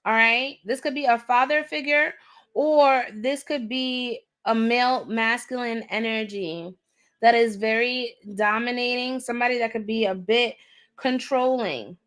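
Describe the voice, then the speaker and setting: A woman's voice: fairly high pitch, a little slow, a bit bright. Blunt, scolding woman reading tarot. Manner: blunt, direct, scolding, slangy; repeats herself for emphasis. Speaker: tarot reader. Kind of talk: live-stream tarot reading.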